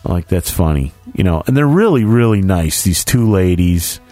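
A man telling a story in casual chat, animated and swearing freely, acting out what others said. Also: low voice, normal speed, soft background music. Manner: animated, acts out quoted voices, swears freely.

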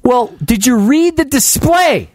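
A man voicing a curt, impatient parking booth attendant woman who lectures flatly. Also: high voice, takes it slowly, no echo, clean studio sound, pitched above the performer's own voice, full character voice. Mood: impatient lecturing.

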